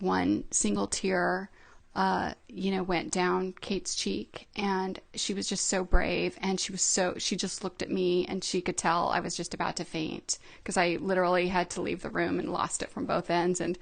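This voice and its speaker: A middle-aged woman speaking as a podcast guest, telling a personal story in a soft, halting way with many fillers. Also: mid-range voice, vocal fry.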